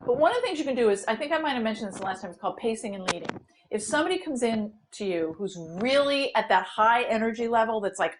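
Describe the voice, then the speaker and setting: Woman trainer, kinda high voice, animated, chatty, talking to a group, bit of hiss. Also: fast, rough recording. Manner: animated, energetic, conversational. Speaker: diversity trainer. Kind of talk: workshop facilitation.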